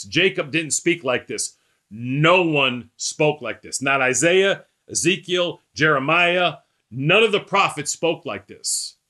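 A man preaching a sermon, emphatic and repetitive, slowing and rising on quoted scripture. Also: fairly high pitch, pushed and bright. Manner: repetitive, rhetorical lists.

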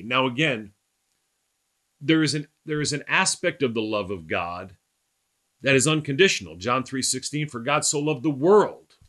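A man leads a verse-by-verse Bible teaching. He sounds emphatic and keeps checking in with his listeners. His voice is bright and forward at an ordinary pitch. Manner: rhetorical questions to listeners.

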